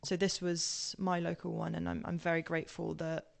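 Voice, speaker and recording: Brief: young English woman, posh southern accent, low gravelly voice, rambling storyteller. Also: monotone, moderate pace. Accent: southern English, now posh-sounding. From England. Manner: rambling with many ums and tangents, laughing. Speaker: podcast guest. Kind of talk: casual personal storytelling.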